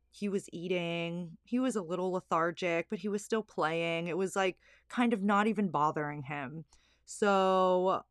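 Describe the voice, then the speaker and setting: A woman's voice: lowish voice, fairly bright tone, smooth, dry recording, studio quality. A young woman, a stay-at-home mom, candidly telling a personal story with lots of fillers. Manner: candid, emotional, filler-heavy.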